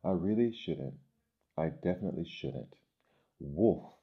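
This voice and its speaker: A man's voice: animated, a little slow, slightly rough, exaggerated voice. A man voicing a mischievous young shepherd boy who fibs out of boredom, in a storybook reading. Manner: high boyish voice, crying out in alarm. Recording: dull lo-fi recording.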